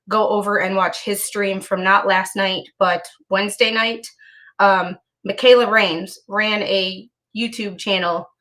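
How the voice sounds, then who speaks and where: A young woman talks casually on a home livestream, blunt and salty, with plenty of ums and restarts. She sounds a little out of breath, and her pitch sits mid-range. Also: fairly bright tone. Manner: frank, profane, many ums and restarts. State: slightly out of breath. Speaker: live streamer.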